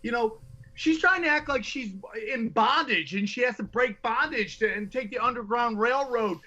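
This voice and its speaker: A man's voice: extremely high pitch, normal speed, bright, forceful tone, lo-fi sound. A man talking as a podcast guest, a stand-up comic ranting in casual, profane, rambling chat.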